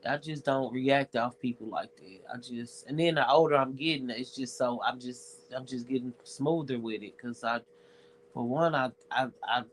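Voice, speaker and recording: A man's voice: medium pitch, normal speed, a little hiss or hum, poor audio. A man with a Southern US accent, talking in a rambling, profane, reflective casual monologue as a streamer.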